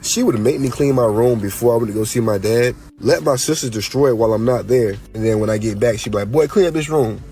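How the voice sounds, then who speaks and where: A man's voice: lowish voice, fast, hardly any pauses, warm tone, faint music behind. A man telling a blunt, heartfelt story from his own childhood, his voice congested. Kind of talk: personal storytelling.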